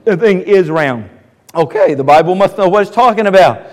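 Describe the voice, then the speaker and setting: A middle-aged man preaching a sermon as pastor, animated and mocking skeptics in put-on voices. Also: sits high, moderate pace. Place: church sanctuary. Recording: long reverb of a church hall.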